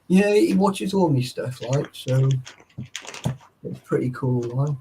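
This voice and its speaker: A man's voice: fairly high pitch, lively intonation, slow pace, noisy background. A man in casual chat, swearing freely and peppering his talk with "like" and "right". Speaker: urban explorer.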